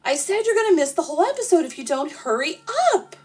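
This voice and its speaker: A woman voicing a bossy older woman who yells at her husband across the house. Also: high voice, animated, quick pace, voice pushed up. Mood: shouting. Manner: loud shouting.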